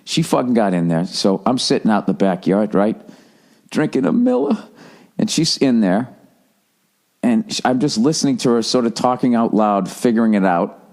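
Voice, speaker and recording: A man's voice: on the low side, big pitch swings, moderate pace, a little mellow. Profane ranting American man. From United States. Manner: profane, ranting, with frequent restarts. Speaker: podcast host. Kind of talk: comedic podcast rant.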